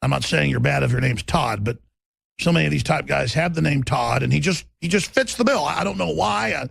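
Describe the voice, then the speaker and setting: A middle-aged male talk radio host in a furious, shouting on-air tirade. His voice sits high for a man and comes out gravelly with a rough, raspy edge. He talks in an agitated, fired-up way. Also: expressive, fairly quick, dry recording. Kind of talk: angry on-air rant.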